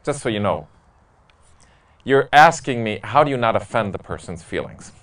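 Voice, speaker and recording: A man's voice: lowish voice, animated, normal speed, fairly bright tone, distant mic. A man, a priest, answering questions from a parish group in a candid, joking way. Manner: candid, joking storyteller who laughs at his own stories. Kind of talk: casual Q&A talk to a parish group.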